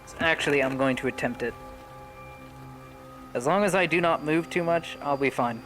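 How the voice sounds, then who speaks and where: A man's voice: on the high side, normal speed, a bit bright, soft background music, rough recording. A man streaming a roleplay game, chatting casually and joking between scenes, swearing freely.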